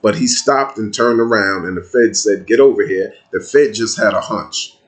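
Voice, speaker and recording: A man's voice: lowish voice, moderate pace, a bit bright. A man with a casual, streetwise manner, telling a personal story in an emphatic, conversational monologue.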